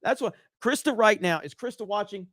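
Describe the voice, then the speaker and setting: With a high-pitched, animated voice and a fairly bright tone, this Southern-accented man from Alabama talks fairly quickly as he hosts a livestream. He rambles, swears, pokes fun at himself and reads out super chats, all in clean studio audio without echo.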